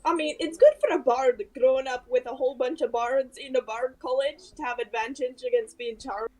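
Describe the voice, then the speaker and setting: Woman, high voice, tabletop player, rambling, chatty, in character. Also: steady tone, a little fast, darkish tone, poor audio. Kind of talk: tabletop role-play in character.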